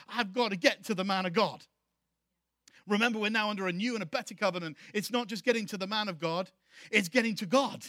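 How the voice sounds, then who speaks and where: A man's voice: high-pitched, a bit bright, no echo, studio quality. A man preaching a sermon to his church, emphatic and repeating key phrases for effect. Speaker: pastor.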